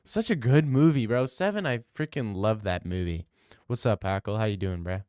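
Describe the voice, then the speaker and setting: A man's voice: lowish voice, normal speed, a little mellow, clean tone, no room sound, clean studio sound. A young man hosting a livestream, reading out chat and rambling in a crude, jokey, casual way. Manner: rambling, crude, jokey, slips into silly voices. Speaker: livestream host answering chat.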